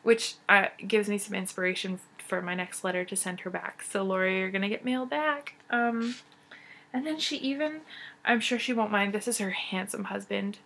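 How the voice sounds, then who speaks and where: A young woman vlogging in casual chat, gushing and excited, with many fillers and restarts. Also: medium pitch, normal speed.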